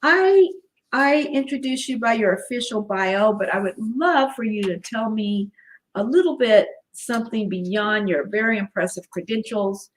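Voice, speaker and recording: A woman's voice: fairly high pitch, expressive, normal speed. Woman hosting a live interview. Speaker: host. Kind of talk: livestream interview.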